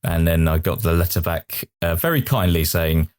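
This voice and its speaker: A man co-hosting a comedy podcast, telling a story in halting casual chat full of fillers and restarts. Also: sits low, expressive, dry recording, studio quality. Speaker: podcast co-host.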